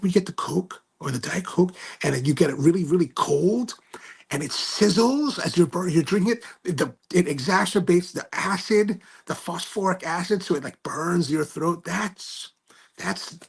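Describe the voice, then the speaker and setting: A man's voice: sits high, creaky, breathy edge. A man hosting a cigar livestream, chatting casually, reading viewer comments and rambling through stories with lots of self-corrections. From United States. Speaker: cigar review livestream host.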